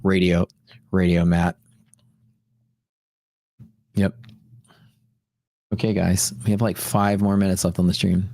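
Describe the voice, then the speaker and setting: On a casual livestream, a man with a low, dark voice rambles and repeats points for emphasis, speaking at a moderate pace with vocal fry, frequent pauses, and little pitch movement. The recording is dry, captured on a close studio dynamic mic in a home streaming room dampened with fiberglass panels.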